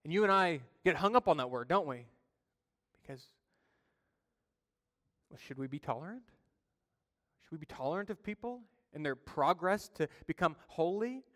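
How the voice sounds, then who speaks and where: A man preaching a sermon as pastor, telling stories with lively swings between loud emphasis and quiet asides. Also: a little high, normal speed, pauses often. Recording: long reverb of a church hall.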